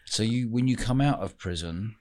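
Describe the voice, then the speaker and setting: A man's voice: lowish voice, moderate pace, darkish tone. A man hosting a podcast interview, asking casual, prompting questions with slang. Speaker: podcast host.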